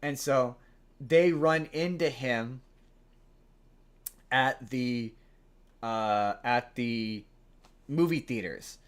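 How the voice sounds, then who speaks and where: A man hosting a podcast, casually retelling a film plot in a rambling, animated way. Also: medium pitch, extremely slow, long pauses. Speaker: podcast host. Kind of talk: casual chat.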